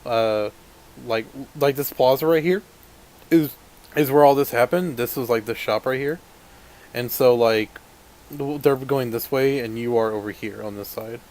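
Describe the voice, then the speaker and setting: A man runs a tabletop game as game master. He sets each scene in a loose, unhurried way with plenty of fillers, his voice sitting in an ordinary middle pitch. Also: darkish tone. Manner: loose, hesitant narration with many fillers.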